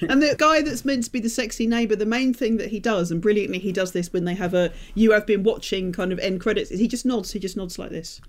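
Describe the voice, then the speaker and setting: A woman's voice: mid-range voice, fairly even intonation, fast, hardly any pauses. A woman co-hosting a casual film-review podcast, wry and joking, slipping into silly mocking voices. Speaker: podcast co-host.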